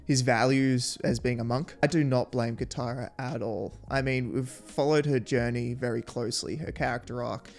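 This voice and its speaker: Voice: mid-range voice, steady tone, normal speed, hardly any pauses, soft background music. A reaction video host talking casually, laughing often and exclaiming at what they watch.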